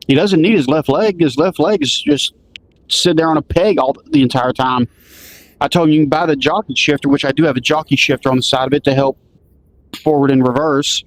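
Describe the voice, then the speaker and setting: A man's voice: a little high, slight background noise. Rambling man telling a road-trip story. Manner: rambling, restarts often, acts out quoted dialogue. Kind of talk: casual storytelling.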